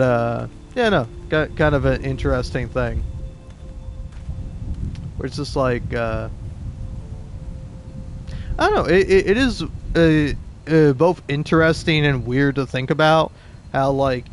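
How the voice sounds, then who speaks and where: Speaking in a mid-range voice with a slight hiss or hum in the audio, a let's play host in his twenties rambles and curses over casual, restart-heavy gameplay. He has an East Coast American accent and comes from the southeastern United States.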